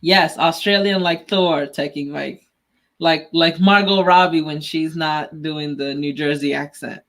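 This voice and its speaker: A woman's voice: low voice, fairly even intonation, unhurried, a bit bright. Chatty woman co-hosting a tech podcast. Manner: chatty, laughs often, acts out quoted lines in storytelling. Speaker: podcast co-host. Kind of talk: casual tech podcast chat.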